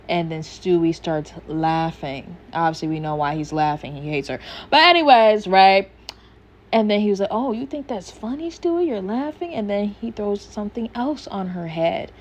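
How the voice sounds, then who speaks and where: A woman's voice: low-pitched, unhurried. A woman casually recapping a cartoon episode, rambling and swearing freely as she chats. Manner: rambling, profane, chatty. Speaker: YouTuber reviewing a cartoon episode.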